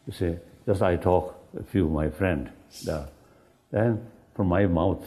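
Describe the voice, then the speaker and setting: A man in a panel discussion who talks haltingly, searches for words and often restarts, and acts out quoted speech with energy. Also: low-pitched, warm tone. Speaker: spiritual leader in a panel discussion. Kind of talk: conversational panel talk.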